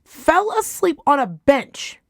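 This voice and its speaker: A woman co-hosting a podcast, recapping a TV show in blunt, profane, animated casual chat. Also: high voice, takes it slowly, creaky, dry recording, studio quality. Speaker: podcast co-host.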